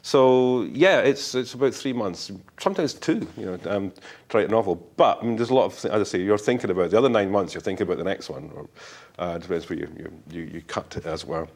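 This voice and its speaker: Scottish author, middle-aged, low voice, chatty and full of fillers. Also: male voice, quick pace, darkish tone. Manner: rambling, frank, many fillers and restarts. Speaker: author guest. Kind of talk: casual interview talk.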